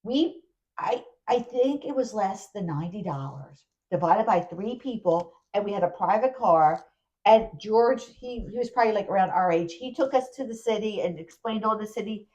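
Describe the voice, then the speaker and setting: A woman co-hosting a podcast, telling a travel story in casual chat, animated and full of restarts. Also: mid-range voice, moderate pace, low-quality recording. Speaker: podcast co-host.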